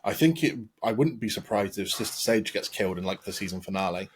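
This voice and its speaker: A man's voice: fairly low pitch, lively intonation, fast talker, slight background noise. An English man hosting a podcast, chatting casually and rambling with many ums and restarts. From England. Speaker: podcast host. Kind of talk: casual chat.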